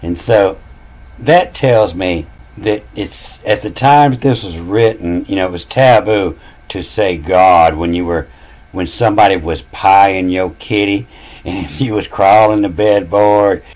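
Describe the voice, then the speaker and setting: A channel host muses aloud about word meanings in a casual monologue, repeating phrases and spelling words out letter by letter. His voice is low-pitched, darkish, and a little slow, and the recording is rough.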